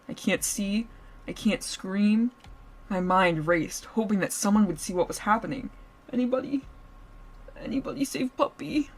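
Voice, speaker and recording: Playful woman streamer reading a story. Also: fairly low pitch. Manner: playful, giggly, breaks off to joke with chat. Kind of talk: story reading with live reactions.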